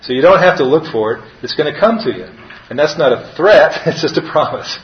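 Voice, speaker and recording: A man's voice: a little high, animated, brisk, roomy sound, lo-fi sound. A man preaching a conversational sermon, telling a story with chuckles and fillers.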